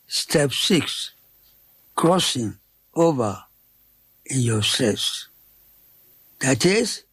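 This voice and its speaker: A man delivers a sermon in measured, deliberate phrases, leaning hard on each word. His voice sits a little higher than usual for a man and moves at an unhurried crawl. The sound is close and dry, with no room around it. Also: husky, dry recording. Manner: slow, deliberate, emphatic preaching in short phrases; switches between English and Yoruba. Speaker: preacher.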